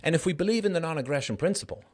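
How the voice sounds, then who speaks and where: A middle-aged man, a guest in an interview, arguing his point emphatically with quick asides and restarts. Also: a little high, lively intonation. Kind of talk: conversational interview monologue.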